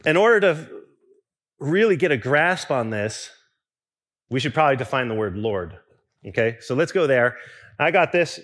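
A young man preaching in a loose, talky way, full of restarts and little asides. His pitch moves a lot as he goes, rising and falling. The tone is mid-height and easy. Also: normal speed, pauses often. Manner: conversational and animated, with restarts and asides. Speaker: pastor. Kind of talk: sermon.

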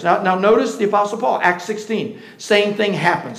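A high-pitched male pastor delivers a sermon in a roomy, echoing church. He swings from quiet, hushed asides to loud, shouted declarations. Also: big pitch swings, a little fast, hardly any pauses.

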